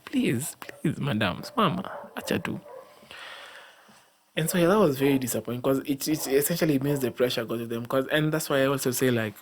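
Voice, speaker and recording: A man's voice: medium pitch, a little hiss or hum. A young Kenyan man hosting a casual solo podcast, rambling and repeating himself as he exhorts his listeners, sleepy after a long day. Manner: rambling, repeats himself, frequent restarts and fillers. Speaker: podcast host.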